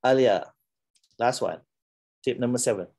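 A man's voice: medium pitch, unhurried, a little mellow. A middle-aged man with a Malaysian English accent, giving a playful, teasing classroom talk and laughing often. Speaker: lecturer.

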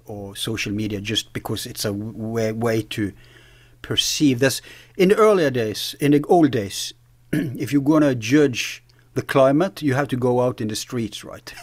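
A man's voice: mid-range voice, a little mellow, dry recording. A man as an interview guest, earnestly explaining ideas while searching for his words. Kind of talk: conversational interview.

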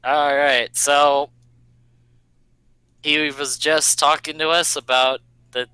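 A man's voice: fairly high pitch, level tone, slow, pushed and bright, clear, resonant tone, no room sound, poor audio. A man playing in an online tabletop game, chatting casually with joking, sarcastic asides. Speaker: player.

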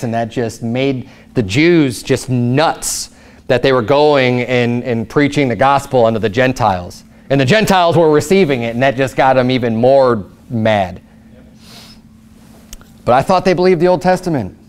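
A man pastor preaching a sermon, reading scripture slowly and explaining it in casual asides, with rhetorical questions that jump up in pitch. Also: darkish tone, clean tone. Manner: rises sharply in pitch for emphatic rhetorical questions.

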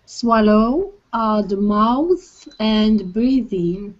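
A woman's voice: mid-range voice, expressive, extremely slow. Hesitant woman student on a call. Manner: hesitant, repeats words after the teacher. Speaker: language student. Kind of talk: online language lesson. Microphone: video call. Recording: dull lo-fi online call audio.

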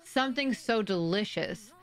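A woman's voice: medium pitch, animated, measured pace, soft background music. A woman livestream host chatting casually with viewers, bubbly and rambling as she reads chat aloud.

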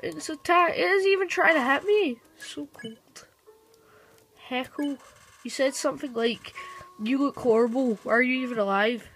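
A woman giving casual let's-play commentary, reading the on-screen text aloud and reacting quickly. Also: high-pitched, a bit bright, poor audio. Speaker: gamer. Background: game music.

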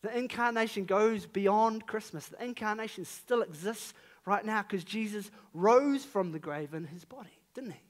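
A man's voice: high-pitched, normal speed, few pauses. A man in his thirties with a New Zealand accent, preaching a sermon in an earnest, conversational way with emphatic rises on key phrases.

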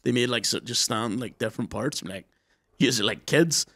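A young man, co-hosting a comedy podcast in crude, laughing, quick banter. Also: mid-range voice, sharp tone, dry recording, studio quality. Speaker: podcast co-host. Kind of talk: casual comedy podcast chat.

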